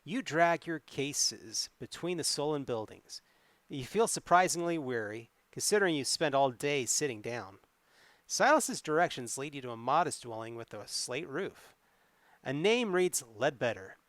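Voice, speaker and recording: A man's voice: on the high side, a bit bright, no echo. Man reading a solo game aloud with wry asides. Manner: wry, reads text aloud slowly. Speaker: solo game player and streamer. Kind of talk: reading and commenting on a solo adventure.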